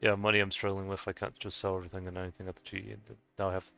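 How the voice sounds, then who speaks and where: A man's voice: low-pitched, completely flat delivery, rapid-fire, gravelly, bright, forceful tone, smooth, faint music behind. A man chatting casually while he plays a game, hesitant, with many filler sounds and restarts. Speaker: gaming video host.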